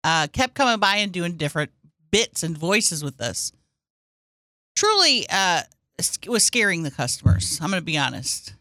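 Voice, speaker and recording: A woman's voice: lowish voice, big pitch swings, normal speed, sharp tone, dry recording, clean studio sound. A woman co-hosting a podcast in casual chat, playful and joking, laughing a lot. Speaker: podcast co-host.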